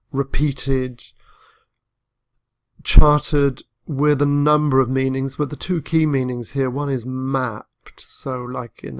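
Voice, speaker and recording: A man with an English accent giving a thoughtful, measured literature lecture on a poem, pausing as he explains. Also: medium pitch, creaky. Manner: thoughtful, measured analysis with pauses. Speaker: literature teacher. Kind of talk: recorded poetry lecture.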